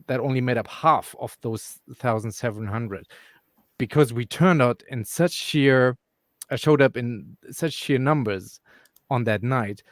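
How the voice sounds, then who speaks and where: A man's voice: medium pitch, unhurried, no room sound. A man talking casually on a live stream, rambling through his thoughts with plenty of "um" and "like". His voice sits in a middle register and sounds dry and close to the mic, with no room around it. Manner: rambling, frequent fillers and restarts. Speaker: crypto stream co-host. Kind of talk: casual chat.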